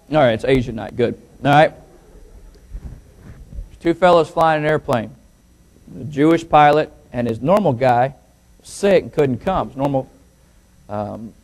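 A preacher with a notably high voice cracks quick jokes to his congregation, then reads scripture in a slow, raised, declaiming tone. He speaks from the pulpit of a church sanctuary. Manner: joking asides, then declaiming scripture slowly and loudly. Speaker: pastor. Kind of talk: sermon with jokes and scripture reading.

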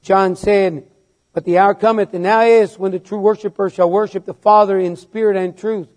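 A middle-aged man preaching a sermon, halting and repeating words, then building into emphatic refrains. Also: high voice, steady tone, darkish tone.

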